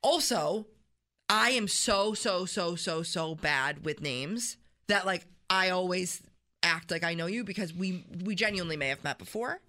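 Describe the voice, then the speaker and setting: A woman co-hosting a morning radio show, chatting casually and telling stories with lively acted-out quotes. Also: on the low side, measured pace. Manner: chatty, animated, acts out voices in stories. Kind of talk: casual radio banter, storytelling.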